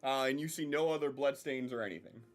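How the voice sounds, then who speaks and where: A man's voice: mid-range voice, fast talker, soft background music. A man narrating as game master of a tabletop game, hesitant and full of ums and uhs.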